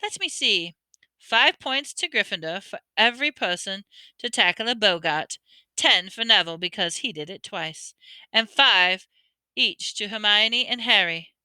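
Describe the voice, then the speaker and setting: Brief: woman reading a kindly male teacher, bright crisp delivery, dry close mic. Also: medium pitch, animated, no echo. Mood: brisk praise. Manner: commanding, brisk instructions.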